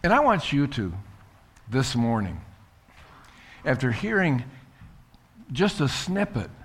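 A man's voice: medium pitch, very animated, slow pace, slightly rough. A man pastor preaching a sermon in a church, fervently urging the congregation to praise. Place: church sanctuary.

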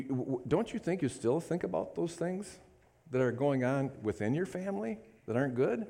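Man, pastor, sermon, call-and-response, fairly high voice, animated. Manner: call-and-response, repeats "amen?", swings from quiet asides to loud declarations.

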